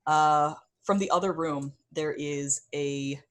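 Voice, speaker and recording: A woman with a low voice runs a tabletop game, describing the action scene by scene. She keeps an easy, unhurried manner and fills pauses with soft ums. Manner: relaxed, with frequent ums. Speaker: game master.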